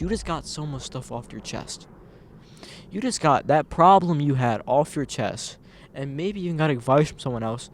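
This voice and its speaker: A vlogger with a voice on the high side talks at normal speed, animated and earnest, straight into his camera. His casual motivational talk rambles and circles back over the same points. The camera mic picks up a little hiss or hum.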